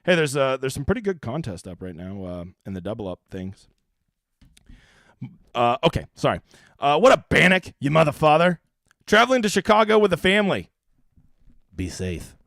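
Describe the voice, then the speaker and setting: A man's voice: mid-range voice, big pitch swings, normal speed, creaky, pauses often, fairly bright tone, dry recording. Guy hosting a stream, cussing and rambling, um uh a lot, dry mic. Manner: profane, joking, rambling with many fillers. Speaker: livestream host answering chat. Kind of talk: casual livestream chat.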